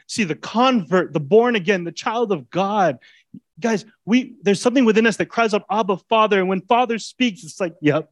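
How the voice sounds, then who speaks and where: A man preaching a sermon as a pastor, speaking in a conversational way that swings between loud, emphatic lines and quiet, intimate asides. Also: high voice, moderate pace, no echo. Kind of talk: expository sermon.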